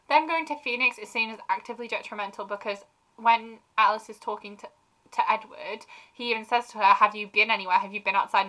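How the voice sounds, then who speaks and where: A woman co-hosting a podcast in casual chat, animated and quick to act out silly voices. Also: mid-range voice. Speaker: podcast co-host.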